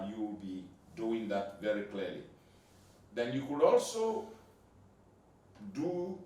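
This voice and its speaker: A man lecturing on grant proposal writing, explaining with repeated examples and frequent "uh" fillers. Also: medium pitch. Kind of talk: recorded lecture. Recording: echoey room, voice from far off.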